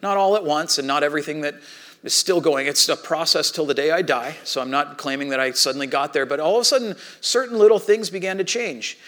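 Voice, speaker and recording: Middle-aged pastor, sermon delivery, casual storyteller who acts out dialogue, slightly raised male pitch. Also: fast talker, a bit bright.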